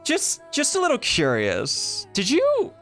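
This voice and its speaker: A man's voice: very high voice, huge pitch swings, fairly bright tone, faint music behind, pitched above the performer's own voice, heavily acted. Man doing a sarcastic, syrupy young woman. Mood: mock-sweet. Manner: slow, drawn-out sarcastic cadence. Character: sarcastic sweet-voiced young woman, teasing.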